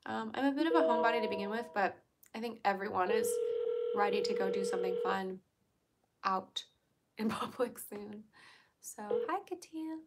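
A woman's voice: mid-range voice, normal speed, a little hiss or hum. A young adult woman hosting a livestream, chatting casually, giggling and answering her chat. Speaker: livestream host.

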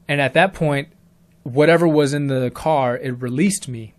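A man's voice: on the high side, normal speed. A young man telling his own story in a plain, casual way, with ums along the way. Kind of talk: first-person spoken story.

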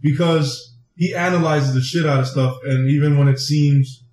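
A man's voice: a little high, steady tone, normal speed, darkish tone, roomy sound, slight background noise. A man in casual chat who keeps agreeing, often saying "right" while others talk. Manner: agreeable, frequent backchannel "right".

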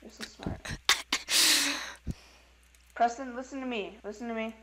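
Woman teasing her buddy while gaming, kinda high voice. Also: steady tone, a little slow, slight background noise, poor audio. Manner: teasing, playful. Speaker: co-player. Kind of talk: casual gaming chat.

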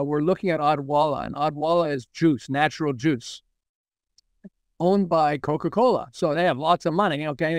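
A man's voice: a little high, clean tone, dry recording, clean studio sound. A man, a marketing consultant, telling anecdotes in a casual interview and chuckling often.

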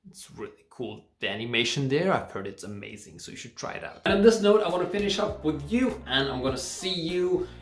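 Playful self-mocking vlogger, native Russian speaker. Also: male voice, medium pitch, big pitch swings, fairly quick, hardly any pauses. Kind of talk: casual screen-recording walkthrough.

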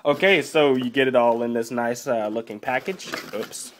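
A young man casually unboxing a drawing tablet on camera, joking around, swearing and filling pauses with ums. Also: mid-range voice. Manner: playful, swears, mock-panics, trails off with fillers.

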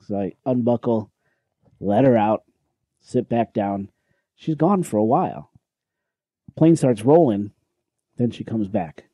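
A man co-hosting a podcast, telling a story in a casual, animated way, swearing and acting out what people said. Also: mid-range voice, normal speed, pauses often, slightly rough, no echo. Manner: animated, swearing, acts out quoted lines. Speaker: podcast co-host. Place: podcast recording room.

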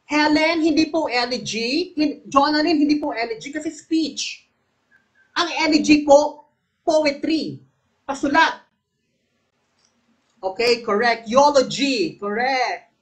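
The audio is poor, and her high voice comes slowly, broken by long pauses. She's a Filipino woman coaching a live exam review, quizzing her viewers by name and repeating each question while alternating English with Tagalog.

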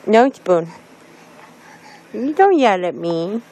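A woman's voice: medium pitch, big pitch swings, slow, mellow, a little hiss or hum. A woman filming her baby on a phone, teasing and scolding in playful sing-song baby talk. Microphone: handheld phone.

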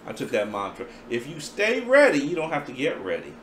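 A man preaching a sermon in a playful, animated way, acting out voices as he teaches. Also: medium pitch, fairly quick, reverberant, slight background noise.

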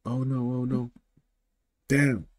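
A young man streaming a football manager game, excitable and slangy, yelling at the match and trash-talking his friend. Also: mid-range voice, slow. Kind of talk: casual gaming banter.

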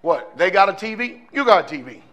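A man's voice: high-pitched, sing-song, brisk, bright, forceful tone. A male pastor preaching a sermon in a fiery, conversational way, firing off rhetorical questions to his congregation.

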